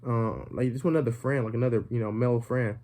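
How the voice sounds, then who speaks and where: A man's voice: medium pitch, fairly even intonation, fast, mellow, lightly acted. A man quoting a teenage girl who hesitantly turns down a boy, in his own everyday voice. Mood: gentle. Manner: hesitant, letting someone down. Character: teen girl turning down a suitor gently.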